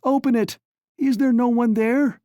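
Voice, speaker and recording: A desperate young woman, as a male reader puts her on cries out in a lifted, frantic voice. Her tone stays mellow and the sound is dry and close. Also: on the high side, animated, a little slow, no room sound, pitched above the performer's own voice. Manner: frantic, raised voice.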